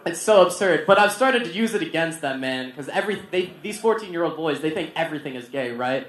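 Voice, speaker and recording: A young man performing a stand-up comedy set at a barbecue restaurant, acting out other people in raised, animated voices. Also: on the high side, moderate pace, long pauses. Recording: roomy venue with laughter.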